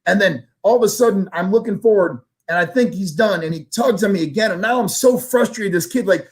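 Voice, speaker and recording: A man, a guest sales trainer, telling a story in a casual interview, animated and swearing casually as he acts out dialogue. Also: high voice, a little fast.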